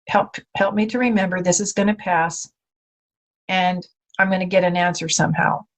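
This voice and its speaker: A woman speaking as a podcast guest, telling faith stories in lively conversation and acting out the voices she quotes. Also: fairly low pitch, normal speed. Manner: animated storyteller, acts out quoted voices.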